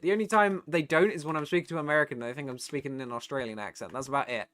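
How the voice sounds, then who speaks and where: A British man talking casually to his live-stream chat in a bright, forceful voice. He sounds tired, swears freely, and turns loud and heated when he rants. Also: fairly high pitch, racing, few pauses, no echo. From Britain. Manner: sweary, gets loud and worked up when ranting.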